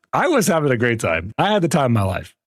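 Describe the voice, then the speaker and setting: This medium-pitched male voice is recorded at studio quality with no echo. He chats casually on a live stream, spinning animated gaming stories peppered with frequent swearing and laughter.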